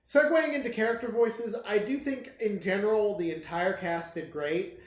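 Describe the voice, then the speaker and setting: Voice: mid-range voice, moderate pace. A stream co-host chatting casually about a movie, rambling with many fillers. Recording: echoey room.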